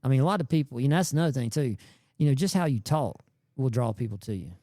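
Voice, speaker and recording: Rambling man with mellow voice. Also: mid-range voice, animated, fast, no echo, clean studio sound. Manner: rambling, slangy, repeats words. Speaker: guest YouTube creator. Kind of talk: casual podcast chat.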